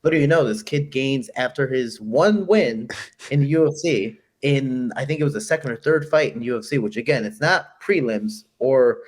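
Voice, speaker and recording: A young man from Chicago, a fighter being interviewed, telling stories in an animated, quick, casual way and acting out what people said. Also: mid-range voice. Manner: animated, quick, acts out quoted voices. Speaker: guest fighter.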